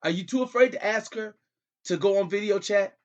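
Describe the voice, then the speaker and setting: A man's voice: high-pitched, fairly quick, dull audio. A middle-aged man hosting a comedy show, talking as a father on a call in a pleading, repetitive, exasperated way.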